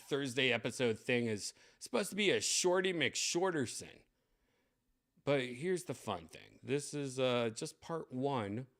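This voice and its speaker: Rambling excitable male streamer. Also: mid-range voice. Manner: rambling, filler-heavy and excitable. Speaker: streamer host. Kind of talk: casual live stream chat.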